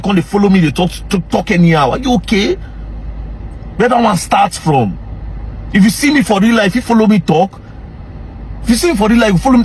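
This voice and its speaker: A young man with a Nigerian Pidgin English accent, ranting angrily and confrontationally straight to camera as a social media commentator, often breaking into shouts. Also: high voice, slight background noise. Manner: angry, confrontational, repeatedly shouting. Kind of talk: heated direct-to-camera rant.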